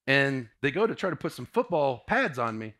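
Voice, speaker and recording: A man in his forties from Indiana telling a personal testimony to a live audience, swinging from hushed to booming as he tells it. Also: very animated, moderate pace. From Indiana, USA. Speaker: motivational speaker.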